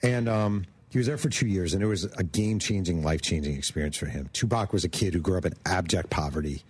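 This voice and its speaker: Low husky guy telling a wild story, dry close sound, acts out the quotes. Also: fast talker, no echo. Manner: animated storyteller acting out quoted voices. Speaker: author guest. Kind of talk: storytelling interview.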